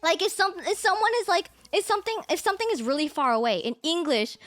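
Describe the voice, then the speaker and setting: Giggly high-voiced woman streamer. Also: fast talker, few pauses, dry recording. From United States. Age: young adult. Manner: giggly, animated, mimics her parents' exclamations. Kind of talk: casual chat. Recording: faint music behind.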